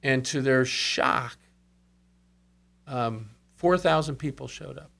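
A man's voice: mid-range voice, slow, vocal fry, fairly bright tone. A man telling revival stories in conversation, earnest, with asides and quoted speech. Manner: earnest storyteller, quotes others, brief asides. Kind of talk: storytelling in conversation.

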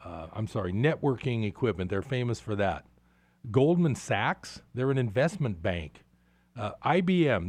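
A man's voice: medium pitch, a little mellow, no room sound. A man hosting a show, delivering sarcastic, exasperated commentary on the markets. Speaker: radio show host.

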